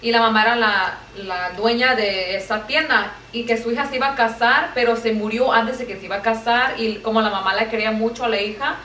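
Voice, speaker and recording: A woman with a bright, slightly high voice explains a legend in casual conversation, moving between English and Spanish. The room is echoey, and she sits well back from the mic. Faint background noise runs under her voice. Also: fairly even intonation, quick pace, few pauses. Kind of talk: casual chat. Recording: roomy, distant, faint ambient noise.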